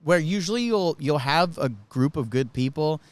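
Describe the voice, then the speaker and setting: Male co-host with a higher voice. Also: animated, normal speed, no room sound. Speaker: podcast co-host. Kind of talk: casual chat.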